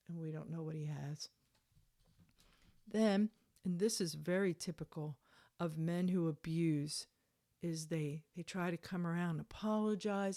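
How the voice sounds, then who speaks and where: Sarcastic woman with a low voice. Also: dark tone. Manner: sarcastic, indignant asides. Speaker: commentator reading court documents. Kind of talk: reading messages aloud with commentary.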